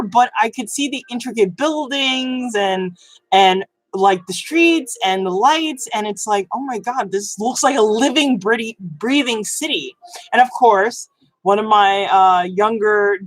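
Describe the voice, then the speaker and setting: Casting note: woman gaming vlogger, mid pitch, rambling casual delivery full of ums and restarts, dry close recording. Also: no room sound, rough recording. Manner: rambling, many fillers and restarts. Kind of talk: casual chat.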